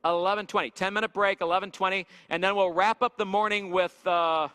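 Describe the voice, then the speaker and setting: A man's voice: high-pitched, fairly even intonation, brisk, bright, forceful tone, clear, resonant tone. A man leading a church leadership workshop, telling stories and asking the audience questions with lots of energy. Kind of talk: church leadership seminar teaching. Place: church hall. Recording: echoey hall with long reverb.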